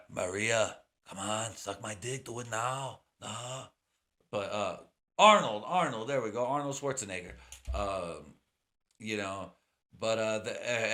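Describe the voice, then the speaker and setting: A man with a fairly low voice hosts his own podcast alone. He talks in a loose, rambling way, with swearing and street slang in nearly every sentence. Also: a bit bright. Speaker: podcast host. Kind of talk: casual solo podcast rant.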